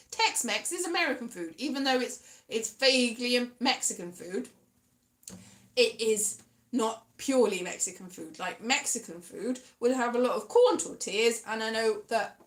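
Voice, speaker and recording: A woman's voice: fairly high pitch, sing-song, moderate pace, a bit bright, echoey room. A British woman rambling casually to camera, chatty and self-mocking, with frequent restarts and trailing asides. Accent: British English. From Britain. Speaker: vlogger.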